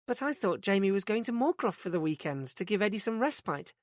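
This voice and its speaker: A man voicing a hesitant, uncertain young woman in an audiobook, speaking softly with a lifted pitch. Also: big pitch swings, brisk, no echo, clean studio sound. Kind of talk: audiobook character reading.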